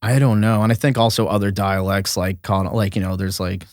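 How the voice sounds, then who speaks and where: A man's voice: low voice, level tone, brisk, darkish tone, no room sound, studio quality. A young man from Vermont, a comedian guest chatting casually and rambling with lots of fillers. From Vermont, USA. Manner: rambling, filler-heavy, laughs often. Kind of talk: casual podcast chat.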